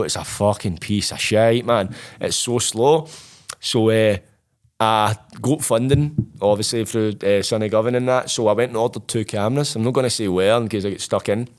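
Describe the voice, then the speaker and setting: A young Scottish man, a podcast guest, animatedly retelling his story with plenty of swearing. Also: fairly low pitch. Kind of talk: casual storytelling.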